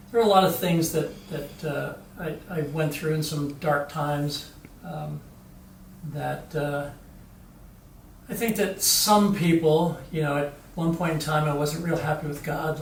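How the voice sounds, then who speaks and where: Brief: halting male director, gravelly edge, recorded from a distance in an echoey room. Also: a little high. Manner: hesitant, many ums and restarts. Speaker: film director. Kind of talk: interview. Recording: echoey room, distant mic, faint noise.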